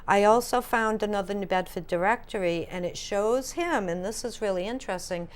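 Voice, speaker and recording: A woman co-hosting a casual paranormal chat, telling stories in a chatty, animated way. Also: mid-range voice, a little fast, clear, resonant tone. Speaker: paranormal podcast co-host.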